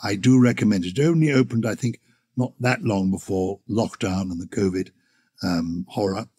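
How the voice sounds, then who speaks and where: A man's voice: on the low side, moderate pace, warm tone, slightly rough. A man hosting a language podcast, chatting with enthusiasm and theatrical asides. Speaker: podcast host. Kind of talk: podcast chat.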